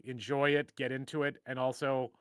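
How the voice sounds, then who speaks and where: A man's voice: mid-range voice, little pitch movement, normal speed, a bit bright, clean tone, no echo, clean studio sound. A middle-aged man hosting a casual live stream, rambling and joking at his own expense. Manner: rambling, joking, self-deprecating. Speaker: host.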